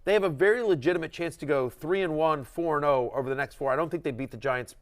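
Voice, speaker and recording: A middle-aged man hosting a fantasy football show, talking in an excitable, rambling way with many restarts. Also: fairly high pitch, fast. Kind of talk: casual sports chat.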